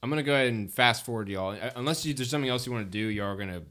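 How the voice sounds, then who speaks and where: A man's voice: medium pitch, very fast, pushed and bright. A man running a tabletop game as game master, narrating casually with many restarts and fillers.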